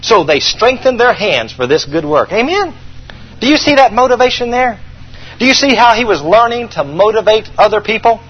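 A man's voice: high-pitched, sing-song, normal speed, slightly rough, muffled recording. A man preaching a sermon as pastor, emphatic and repeating his key points for the congregation to write down.

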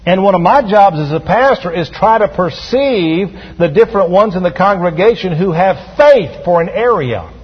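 A male pastor preaches a sermon, calling on his congregation to repeat his words back. His voice is fairly high and a little husky. The sound is dull and rings with a long church-hall echo. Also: expressive, moderate pace, hardly any pauses. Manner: preaching with call-and-response to the congregation. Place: church sanctuary.

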